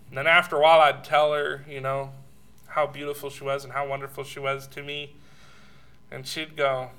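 A man preaching a sermon, telling personal stories with chuckles and at times sinking to a soft hush. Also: medium pitch, flat delivery, normal speed, clean tone.

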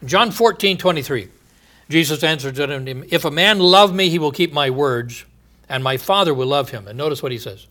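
Bright-voiced emphatic preacher man. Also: lively intonation, moderate pace. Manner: emphatic, stretching key phrases with rising volume; drops to a quiet low voice at the ends of thoughts. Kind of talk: sermon.

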